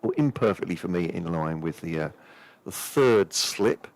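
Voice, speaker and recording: Speaking low and expressively at a normal speed, this man provides live co-commentary on cricket. He calls every ball and works methodically through the fielders, carefully checking their positions out loud.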